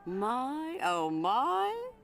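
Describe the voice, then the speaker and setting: A woman's voice: high-pitched, huge pitch swings, drawn-out words, vocal fry, pitched above the performer's own voice, heavily acted. A woman voicing a chatty, doting middle-aged woman who runs a diner, in a put-on American Southern accent, calling everyone hon. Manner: folksy, doting, calls people hon.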